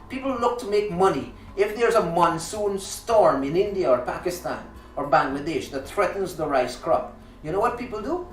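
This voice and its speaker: A male talk show host delivers a heated monologue, pressing his points with indignation and frequent restarts. His voice sits at an ordinary pitch. He is recorded from a distance in a roomy, echoey space, with faint music underneath. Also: expressive, moderate pace. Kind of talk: impassioned monologue.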